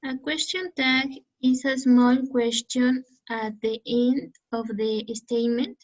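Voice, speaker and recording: A woman student reads example sentences aloud with care. Her voice is high and slow. The audio sounds dull and lo-fi. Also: fairly even intonation. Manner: reading aloud carefully.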